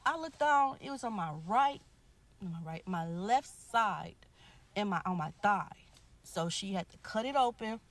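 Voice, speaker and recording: Woman recounting a shooting she witnessed. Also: medium pitch. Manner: animated retelling, voicing people in her story. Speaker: shooting witness telling her story. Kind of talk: emotional storytelling.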